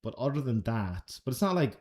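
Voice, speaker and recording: Irish guy on a stream, easygoing, chatty, swears a bit, mid pitch. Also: sing-song, brisk, darkish tone. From Ireland. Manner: laid-back, chatty, swears casually, laughs often. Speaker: streamer answering chat questions. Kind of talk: casual live-stream Q&A.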